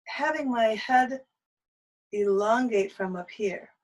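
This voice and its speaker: A woman teaching a singing lesson, speaking gently and breaking into soft sung lullaby phrases. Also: mid-range voice, measured pace, low-quality recording.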